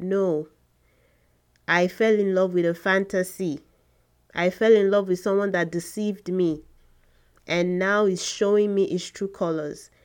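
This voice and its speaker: A woman's voice: lowish voice, darkish tone, clear, resonant tone. A woman in her thirties hosting a faith podcast, talking earnestly and repeating words for emphasis. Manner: earnest and slow, with emphatic repetition. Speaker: podcast host.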